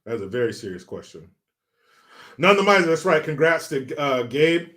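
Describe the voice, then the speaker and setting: A man's voice: on the high side, sing-song, pushed and bright. A man from California hosts a casual livestream and chats through viewer comments. He jokes and swears freely and laughs as he goes. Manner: profane, joking, chatty, pauses to laugh. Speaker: livestream host.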